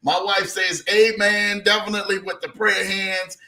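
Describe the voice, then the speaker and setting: A man's voice: high voice, little pitch movement, moderate pace, bright, forceful tone. A man hosting a talk show, enthusiastic and affirming, speaking loosely and casually. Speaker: host.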